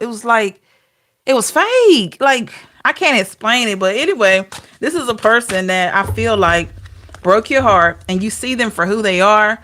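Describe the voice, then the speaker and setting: Chatty higher-voiced woman reading tarot. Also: measured pace. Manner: expressive, chatty, rhetorical questions, frequent laughs. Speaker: tarot reader. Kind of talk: casual tarot reading to camera.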